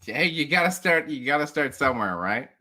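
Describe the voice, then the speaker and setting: A man with a fairly high, expressive voice that sounds pushed and bright talks briskly as a podcast guest. His casual chat rambles with many restarts, he laughs often, and he acts out what other people said in mock voices.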